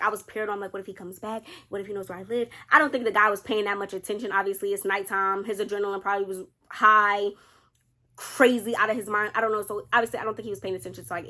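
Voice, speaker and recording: Bright-voiced young woman telling a story. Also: mid-range voice. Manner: animated, addresses viewers as y'all, quotes others. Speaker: storytime vlogger. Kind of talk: casual storytelling to camera. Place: indoors under a studio light.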